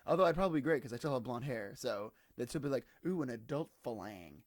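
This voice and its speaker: A man's voice: medium pitch, animated, racing, dry recording. A tired, slightly hungover man in his twenties, rambling casually to camera in a digressive, self-deprecating way. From United States. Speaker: vlogger.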